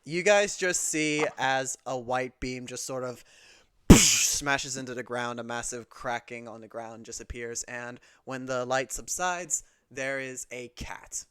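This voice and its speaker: A man's voice: mid-range voice, measured pace, a bit bright, smooth. A young man narrating a tabletop game as game master, casual with fillers.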